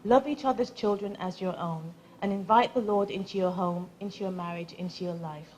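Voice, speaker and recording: A woman's voice: medium pitch, a little fast, a little mellow, a little hiss or hum, rough recording. A woman giving an earnest, religious speech and blessing to a couple at a wedding reception.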